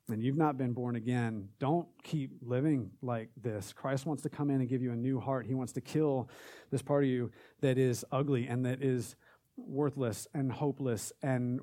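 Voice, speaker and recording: A young man with a mellow, mid-range voice gives an informal sermon to a group at a moderate pace. He's earnest and conversational, using many "like" fillers and building in intensity as he works through a list of affirmations.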